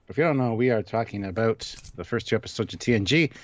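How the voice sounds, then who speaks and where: A man co-hosting a live-stream chat in a relaxed, halting way, with plenty of fillers. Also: fairly low pitch, a little hiss or hum. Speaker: co-host. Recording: dull, dry lo-fi mic.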